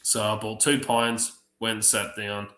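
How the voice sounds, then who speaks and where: A man telling profane, lively stories on a livestream, acting out the other people's lines. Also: on the low side, unhurried. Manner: profane, animated anecdotes acting out other voices. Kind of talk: casual storytelling on a livestream. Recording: roomy echo.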